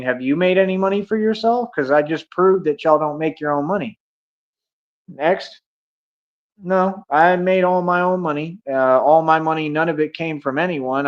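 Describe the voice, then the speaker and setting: A man's voice: fairly high pitch, muffled recording. A man hosting a livestream, talking casually and boasting while he challenges his chat. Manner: boastful, confrontational, talks to chat. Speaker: livestream host.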